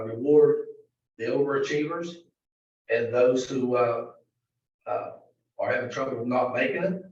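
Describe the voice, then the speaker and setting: A man presenting a county budget to a board in a halting, filler-heavy way, recorded in a meeting room. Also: medium pitch, slight background noise. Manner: halting, many fillers and restarts. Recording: distant, very echoey, dull meeting-room audio.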